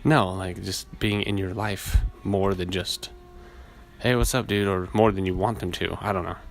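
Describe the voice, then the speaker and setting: A man with a naturally low voice hosting a casual solo podcast, rambling and laid-back, swearing often. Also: fairly even intonation, normal speed, creaky, a little hiss or hum. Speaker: podcast host. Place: outdoors in a city, weed whacker nearby.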